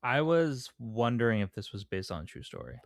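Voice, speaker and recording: A man's voice: medium pitch, lively intonation, a little fast, no room sound, studio quality. A man co-hosting a casual movie podcast, joking around and rambling with lots of fillers. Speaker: podcast co-host. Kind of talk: casual movie-review chat.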